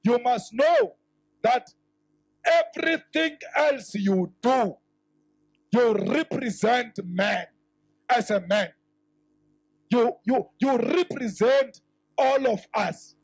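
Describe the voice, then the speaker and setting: A South African politician giving an impassioned rally speech, rising to shouts and mixing in Sotho phrases. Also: male voice, very high voice, animated, slow, long pauses, husky, no room sound, low-quality recording.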